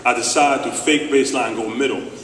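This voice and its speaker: A man from Philadelphia giving an animated, joking ceremony speech about his playing days. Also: mid-range voice, quick pace, slight background noise. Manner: animated, joking storyteller with restarts. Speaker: former player giving induction speech. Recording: echoey hall, speaker far from mic.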